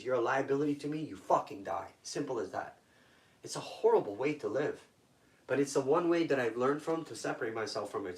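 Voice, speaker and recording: A man from Toronto speaks off-mic in a roomy, echoing space. He tells hard stories as a guest in blunt, profane street talk at a middling pitch. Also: distant mic. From Toronto, Canada. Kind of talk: intense personal storytelling. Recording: echoey room, voice off-mic.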